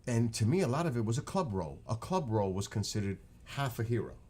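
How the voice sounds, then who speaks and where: A man's voice: mid-range voice, sing-song, a little fast, darkish tone, breathy edge. A man with a New York accent, chatting casually on his live stream, rambling and joking.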